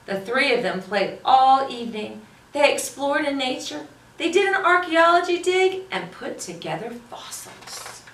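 Brief: woman storytime host, high, animated sing-song delivery, slow and clear, echoey room, mic at a distance. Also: slight background noise. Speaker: children's librarian storytime host. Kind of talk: reading picture books aloud to children. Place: library room. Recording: roomy, voice from a distance.

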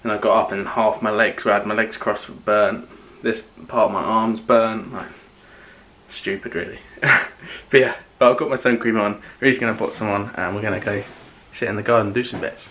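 A man's voice: lowish voice, fairly even intonation, fairly quick, fairly bright tone. A young man chatting casually to camera for a vlog, rambling with plenty of fillers and restarts. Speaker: vlogger.

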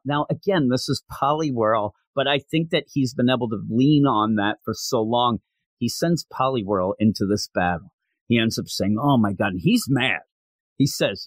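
A man co-hosting a podcast, chatting casually and excitedly as he reviews a manga chapter and acts out lines from it. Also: mid-range voice, moderate pace, no room sound. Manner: animated, excitable storyteller acting out quotes. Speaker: podcast co-host.

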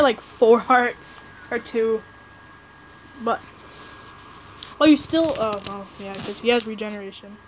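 High-pitched excitable woman gaming. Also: takes it slowly, pauses often, noisy background. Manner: rambling, excitable, trash-talking teammates; restarts and fillers, chatty. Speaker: gameplay commentator. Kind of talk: casual live game commentary.

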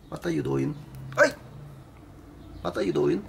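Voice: mid-range voice, huge pitch swings, unhurried, gravelly, noisy background. A pet owner filming cats and talking to them in a playful, teasing, coaxing way, with simple non-native English grammar. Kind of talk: playful talk to pets.

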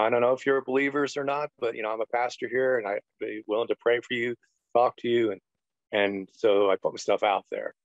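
A middle-aged man, once a pastor, tells his testimony in an earnest, meandering way, leaning on "you know" between thoughts. His pitch sits in an ordinary male middle range. The sound is dry and dull, like a lo-fi recording. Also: no room sound. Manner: earnest, rambling storyteller full of "you know". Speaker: retired pastor, interview guest. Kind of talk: personal testimony in a podcast interview.

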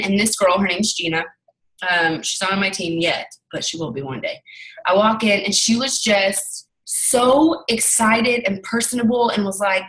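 Chatty bright-voiced young woman. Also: medium pitch, recorded from a distance, low-quality recording. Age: young adult. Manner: chatty, candid, acts out dialogue. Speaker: network marketing team leader. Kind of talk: motivational talk with storytelling.

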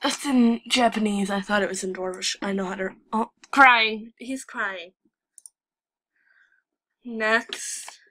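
A woman's voice: mid-range voice, moderate pace, hardly any pauses. A teenage girl hosting her channel, giggling and rambling as she reacts to images she scrolls through. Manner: giggly, rambling, excitable outbursts. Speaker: channel host. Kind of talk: casual commentary while browsing images.

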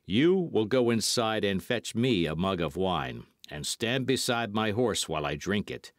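A man's voice: lowish voice, sing-song, measured pace, no echo, clean studio sound. A man playing a cold, commanding masked outlaw. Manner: stern, clipped threats.

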